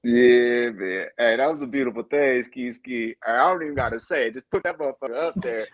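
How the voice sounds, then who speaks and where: A man co-hosting a betting show, loud, excited and profane as he gives shout-outs to viewers. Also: mid-range voice, fairly quick, over a noisy crowd. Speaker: sports betting show co-host.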